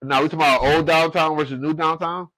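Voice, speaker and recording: A man's voice: on the high side, steady tone, fast talker, pushed and bright, dry recording, rough recording. A middle-aged man from Detroit co-hosting a podcast in casual chat, laid-back and slangy, often saying "you know what I'm saying". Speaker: podcast co-host.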